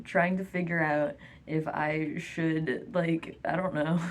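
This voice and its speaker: A young woman talks straight to camera in a loose, rambling vlog monologue. She giggles nervously through her sentences and keeps reaching for fillers. Her voice sits a little low for a woman. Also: darkish tone. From France.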